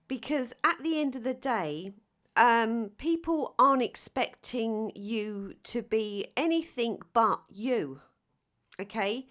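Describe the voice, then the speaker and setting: A woman from London with a South London Cockney accent, giving a chatty, playful tarot reading full of ums and restarts. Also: on the high side. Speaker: tarot reader. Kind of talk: casual tarot reading to camera.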